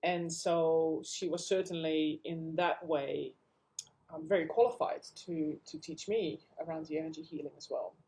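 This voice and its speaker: Mellow-voiced woman telling her story. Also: low voice, normal speed. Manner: animated storyteller, acting out quoted voices. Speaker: animal communicator and medium. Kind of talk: interview storytelling. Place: Sydney.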